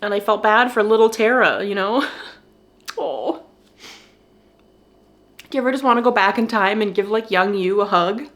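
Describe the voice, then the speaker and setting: A young woman vlogging candidly about feeling lonely, talking in a soft, halting way and a little teary, with nervous laughs. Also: medium pitch. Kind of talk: candid personal vlog.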